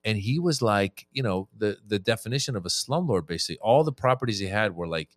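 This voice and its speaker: A man's voice: fairly low pitch, quick pace, dry recording. A man who is a comedian, chatting casually on a podcast and acting out his jokes as he tells them. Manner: animated storyteller who acts out bits. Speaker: comedian guest.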